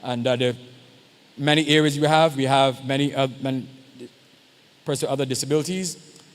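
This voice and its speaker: A man's voice: medium pitch, steady tone, a little fast. A man, a pastor, speaking informally at a church youth service and often checking in with the audience. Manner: conversational, keeps checking in with the audience. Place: church hall. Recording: long hall reverb.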